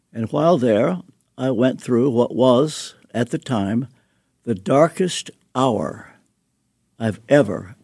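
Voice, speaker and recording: Slow, gravelly older man reflecting. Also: mid-range voice, no room sound, clean studio sound. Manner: slow, deliberate, with soft chuckles. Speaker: guest author and pastor. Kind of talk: reflective interview storytelling.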